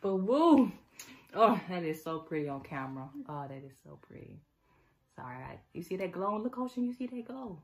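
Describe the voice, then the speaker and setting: A woman's voice: sits low, expressive, fairly quick, gravelly. A woman filming a casual unboxing on her phone, gushing, laughing and repeating herself as she chats. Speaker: vlogger unboxing makeup. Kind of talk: casual excited unboxing chat. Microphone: phone camera.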